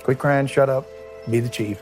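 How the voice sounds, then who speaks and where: A middle-aged man from Kentucky, a former police chief, speaks plainly and emotionally in an interview, often pausing and restarting his sentences. His pitch sits in a middling range, and soft music plays faintly beneath him. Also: steady tone. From Kentucky, USA. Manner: plain-spoken, halting, emotional. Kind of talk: interview recollection.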